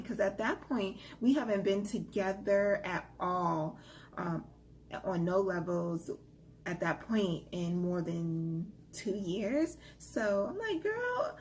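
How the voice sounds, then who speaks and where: A woman's voice: mid-range voice, slight background noise. Chatty young woman telling a story. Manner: casual, animated retelling with many fillers. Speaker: vlogger. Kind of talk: storytime vlog.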